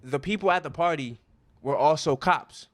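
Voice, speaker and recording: A man, co-hosting a podcast and telling profane, animated work stories full of slang. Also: fairly high pitch, normal speed, no room sound. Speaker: podcast co-host. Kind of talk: casual chat, storytelling.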